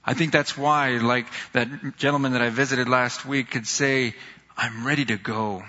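A man on a church's staff preaching a sermon, telling stories earnestly and slowing down when he reads scripture. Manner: earnest, storytelling, rises in pitch when excited, slows for scripture. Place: church sanctuary. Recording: dull sound in a reverberant hall.

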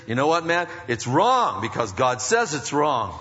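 A male pastor preaching a sermon, swinging from soft, low passages to loud, high, emphatic stretches. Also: expressive, normal speed, hardly any pauses. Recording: muffled recording in a reverberant hall.

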